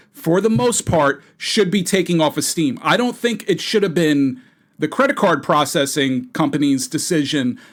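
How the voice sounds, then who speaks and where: Indignant male gaming commentator. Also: on the high side. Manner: indignant, rambling with fillers. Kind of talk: video commentary.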